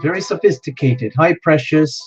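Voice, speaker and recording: Male live-stream host, higher-pitched, bright and friendly, welcomes viewers one by one; muffled audio with music underneath. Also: moderate pace. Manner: cheerful, greets viewers by name with small laughs. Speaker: tarot reader hosting a live stream. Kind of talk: casual live-stream chat. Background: music playing.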